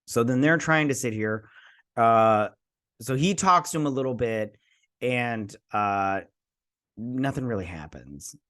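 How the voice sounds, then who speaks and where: A man talks through a TV episode as host of his own show, rambling and chatty, with plenty of side remarks. He swears now and then and slips into quick mimicry of characters. His pitch sits in an ordinary middle range. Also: animated, fairly bright tone. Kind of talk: casual spoken review.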